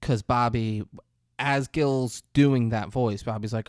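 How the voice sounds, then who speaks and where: A man's voice: slow, no echo, studio quality. A man co-hosting a podcast, casually retelling a film scene and acting out the characters' lines. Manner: animated retelling, jumps into high put-on voices for characters. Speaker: podcast co-host. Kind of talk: casual movie recap chat.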